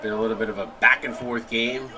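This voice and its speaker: A man from Long Island with a Long Island accent, calling a basketball game play by play with rapid, excited calls. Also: medium pitch, a crowd in the background. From Long Island, New York. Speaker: play-by-play commentator. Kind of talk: sports play-by-play commentary.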